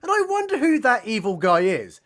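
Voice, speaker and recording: A man's voice: very high voice, wildly swooping pitch, normal speed, a bit bright. A man recapping a film in a sarcastic, mocking comedy style. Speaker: film reviewer.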